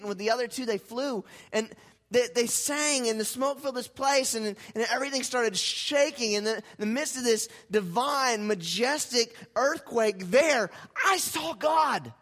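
A man preaching a sermon as pastor, dramatic, swinging from hushed lines to loud, fervent ones. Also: very high voice. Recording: hall reverb.

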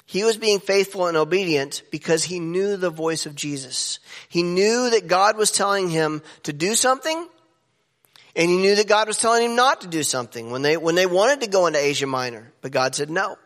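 A man preaching a sermon as pastor, animated and jumping up in pitch for emphasis. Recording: echoey hall with long reverb.

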